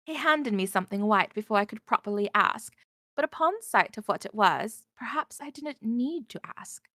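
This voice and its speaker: Lively woman narrating a visual novel. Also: mid-range voice, moderate pace, no echo, studio quality. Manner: lively, wondering first-person narration. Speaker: narrator and heroine.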